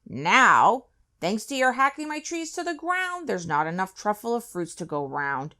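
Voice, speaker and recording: A woman's voice: mid-range voice, very animated, normal speed, pushed and bright, voice pushed up. A woman voicing a small, grumpy old male forest creature from a storybook, scolding and indignant. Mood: pleading.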